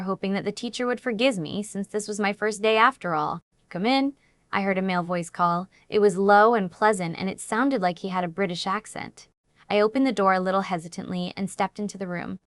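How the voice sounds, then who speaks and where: A woman reads a dramatic first-person story aloud as an audiobook narrator. Her pitch sits in the middle and her delivery stays even and steady. The recording is close and dry. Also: no echo.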